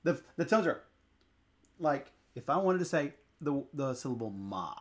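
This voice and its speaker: A man's voice: medium pitch, very animated, moderate pace. A man from Tennessee, patiently teaching tones to his co-host with a teasing humor. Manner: patient, teasing, drills syllables. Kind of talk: casual teaching chat.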